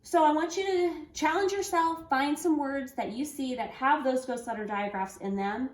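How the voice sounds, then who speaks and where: In a home room with an easel, a woman with a slightly high voice gives young children a phonics lesson. She speaks slowly and clearly, spelling out letters and cheering the kids on. The space sounds roomy and echoey.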